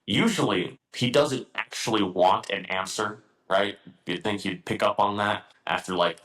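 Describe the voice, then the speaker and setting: A man's voice: fairly low pitch, a bit bright, poor audio. Blunt, swearing young man telling stories. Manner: profane, blunt, storytelling. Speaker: guest, air force intelligence analyst. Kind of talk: casual chat.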